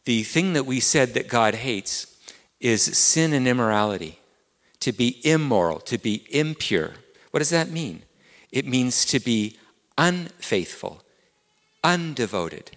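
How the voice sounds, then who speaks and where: English-accented pastor preaching in a hall. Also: male voice, mid-range voice, animated, measured pace, fairly bright tone. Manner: earnest, repeats key words, rises to emphatic peaks. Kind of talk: sermon.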